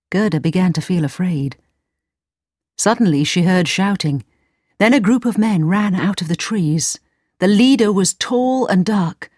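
A woman narrating a storybook in slow, clear, simple sentences. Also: lowish voice, a little mellow, no echo, clean studio sound.

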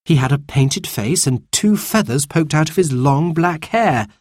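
A man reading a children's storybook aloud in a slow, lively narration. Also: fairly high pitch, no room sound, clean studio sound.

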